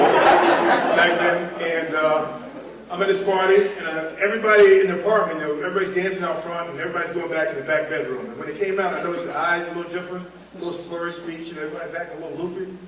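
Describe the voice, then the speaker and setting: A man's voice: on the high side, fast. A man in his fifties from North Carolina, telling humorous stories as a keynote speaker at a reunion. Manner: animated, humorous, acts out scenes. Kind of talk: storytelling speech. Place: large hall at a reunion event. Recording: echoey hall, mic far off.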